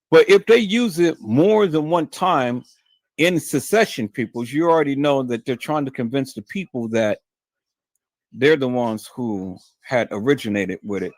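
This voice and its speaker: A YouTube live stream host keeps up a monologue to his audience, repeating himself, calling them "peoples," and jumping from low mutters to high shouted emphasis. The sound is studio quality with no echo.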